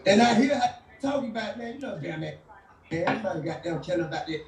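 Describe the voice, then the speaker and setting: A man's voice: sits high, lively intonation, quick pace, a loud crowd. A man telling a story loosely in a conversational interview. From Southern United States. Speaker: interview guest. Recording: echoey clip from a distance.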